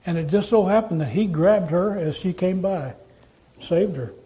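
A man's voice: sits high, moderate pace, dark tone, rough recording. A man preaching a sermon as pastor, in an easygoing, conversational way, asking the congregation rhetorical questions and telling folksy stories.

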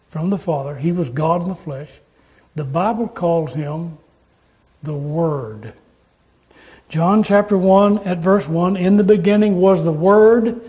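A man's voice: high voice, dark tone, rough recording. A man preaching a sermon, earnest and emphatic, repeating key points to drive them home.

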